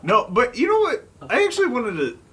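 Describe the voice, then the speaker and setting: A man's voice: very high-pitched, wildly swooping pitch, brisk, pushed and bright. A man hosting a casual drinking podcast, teasing his friends with crude humor. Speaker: podcast host.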